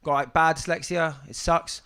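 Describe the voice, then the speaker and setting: A young man doing a stand-up set on a club stage, with a halting deadpan delivery full of ums and restarts. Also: a little high, smooth. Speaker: stand-up comedian. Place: comedy club stage with audience. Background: audience laughter.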